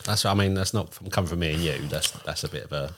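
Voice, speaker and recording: A man hosting a podcast, laughing and swearing through quick casual banter. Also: deep voice, a bit bright, slight background noise. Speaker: podcast host. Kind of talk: casual chat.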